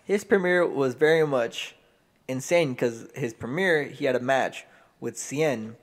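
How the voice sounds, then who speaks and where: A young man co-hosting a casual wrestling podcast, loose and swearing, quick to laugh and quote films. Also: medium pitch. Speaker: podcast co-host. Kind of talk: casual chat.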